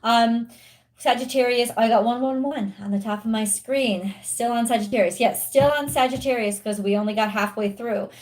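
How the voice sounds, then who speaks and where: A woman's voice: a little high, normal speed, a little mellow. A woman giving a live-streamed tarot reading, chatty with viewers, frustrated and swearing openly about her internet.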